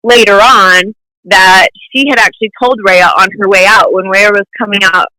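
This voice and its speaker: A woman's voice: mid-range voice, steady tone, normal speed, pushed and bright, no room sound, low-quality recording. A young woman, a guest in an interview, telling a personal story in long runs and acting out the lines people said to her. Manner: talks in long runs, acts out quoted lines, gives short nervous laughs. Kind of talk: emotional personal account in an interview.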